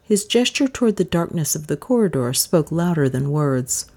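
A woman reads a story aloud as an audiobook narrator. Her voice sits low, but her delivery swings widely, building suspense with dramatic emphasis. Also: sing-song, normal speed, dark tone. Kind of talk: expressive scripted narration.

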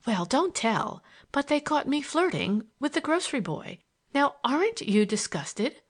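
A woman reading the lines of a playful, mocking young woman in an audiobook, her talk quick and breathless. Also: high voice, very animated, pitched above the performer's own voice. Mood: teasing.

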